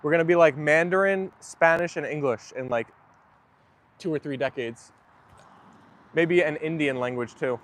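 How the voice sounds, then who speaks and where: Out in the rain with his dogs, a man streams live from his phone and rambles to viewers, making fun of himself. His voice is fairly high and bright, his pace moderate with long pauses, and slight background noise can be heard.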